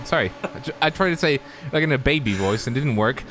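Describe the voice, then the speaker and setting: A man's voice: mid-range voice, lively intonation, fast talker, background noise. A man co-commentating a sim race live, chatty and joking. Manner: chatty, laughs, loose and joking.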